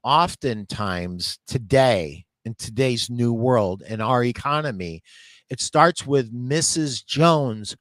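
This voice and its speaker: Older guy hosting a live q&a, slow careful talker, dry mic. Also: medium pitch, dry recording. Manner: slow, measured, advising. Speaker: show host and retail consultant. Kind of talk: live Q&A talk show.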